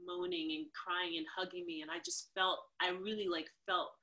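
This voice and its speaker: A woman from New York, a dancer and podcast guest, telling lively stories in casual conversation and acting out the people she quotes. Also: moderate pace. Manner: animated, acts out quotes with big jumps in pitch. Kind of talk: casual storytelling interview.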